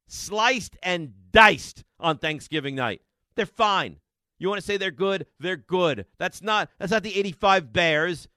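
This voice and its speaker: A male sports radio host, ranting in a rapid string of repeated rhetorical questions. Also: fairly high pitch, bright, forceful tone, no echo, studio quality. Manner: emphatic, repetitive rhetorical questions. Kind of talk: sports talk radio rant. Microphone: studio microphone.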